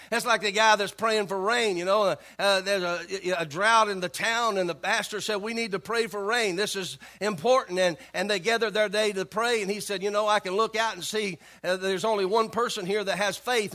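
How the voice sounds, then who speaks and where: A male pastor preaching a sermon, calling on the congregation to respond and repeating key phrases. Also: high-pitched. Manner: animated, acts out voices of worried believers.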